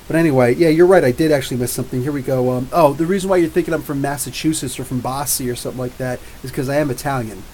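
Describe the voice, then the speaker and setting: A man in his forties from New Jersey, hosting a live comics podcast and answering viewer comments in a rambling, jokey way, with drawn-out R's. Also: medium pitch, a little mellow, a little hiss or hum, poor audio. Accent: New Jersey with drawn-out Ohio-style R's. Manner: rambling, jokey, talks back to chat. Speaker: podcast host.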